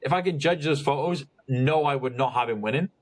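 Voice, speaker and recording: A man talks in a casual podcast chat, his pitch sitting at an ordinary middle level. He stops and restarts often, leaning on fillers as he works his thoughts out aloud. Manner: halting, full of restarts and "like". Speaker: podcast guest, bodybuilder.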